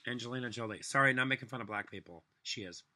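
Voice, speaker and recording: A man's voice: mid-range voice, fast, sharp tone. A man delivering a solo political rant, angry, profane and sarcastic. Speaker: vlogger.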